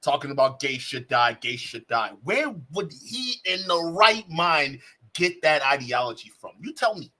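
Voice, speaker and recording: A man streaming live, reacting to a clip with animated, mocking commentary. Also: fairly high pitch, moderate pace, rough recording. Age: adult, has a child. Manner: animated, mocking, breaks into laughter.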